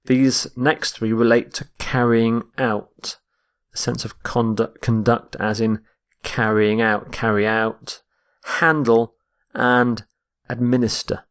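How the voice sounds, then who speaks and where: A man giving a vocabulary lesson at an unhurried, careful pace. He speaks in a mid-pitched voice and says each word twice, pausing so learners can catch the stress. His delivery is patient and methodical. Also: flat delivery, smooth. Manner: deliberate, repeats each word to stress its syllables. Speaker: English teacher. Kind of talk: slow, explained vocabulary lesson.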